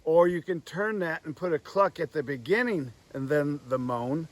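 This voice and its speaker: A man teaching goose calling outdoors by the woods, talking through each step and sounding out drawn, breathy calls. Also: fairly high pitch, animated, normal speed, noisy background. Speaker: goose call instructor. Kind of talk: hands-on tutorial.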